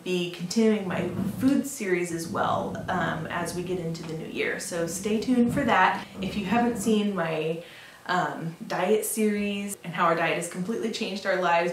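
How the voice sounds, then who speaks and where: A woman's voice: on the low side, a little hiss or hum. Chatty young woman in an echoey room. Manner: chatty, lots of fillers and laughs. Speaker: vlogger. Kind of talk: casual chat to camera. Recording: roomy echo, mic at a distance.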